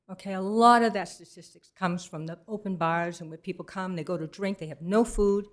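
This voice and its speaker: A middle-aged woman giving an unplanned, earnest public comment at a council meeting, halting and restarting often. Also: lowish voice. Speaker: resident speaking at public comment.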